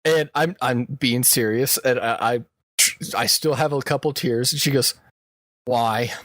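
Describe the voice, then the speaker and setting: A man's voice: mid-range voice, normal speed, fairly bright tone, no room sound, studio quality. A man co-hosting a podcast, telling a work story in casual chat and laughing often as he goes. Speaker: podcast co-host.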